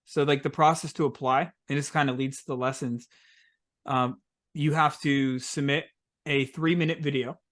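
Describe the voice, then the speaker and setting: Relaxed, rambling male podcast guest. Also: medium pitch, moderate pace. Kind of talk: casual interview chat.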